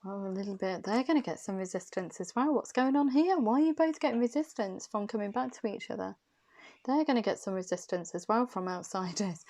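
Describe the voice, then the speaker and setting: A woman's voice: medium pitch, expressive, brisk, darkish tone. A woman giving a casual, chatty tarot reading, musing aloud and repeating her questions to the cards. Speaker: intuitive tarot reader.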